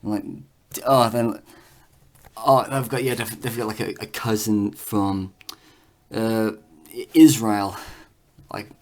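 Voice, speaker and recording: A man talking casually to camera in a vlog, rambling and halting with many fillers and restarts as he reads through results on screen. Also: on the low side, fairly even intonation. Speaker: vlogger.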